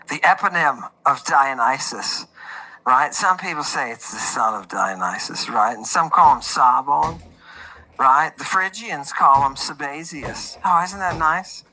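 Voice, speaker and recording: A man hosting a lively livestream lecture, joking and swinging between loud outbursts and muttered asides. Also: a little high, rough recording. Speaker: host.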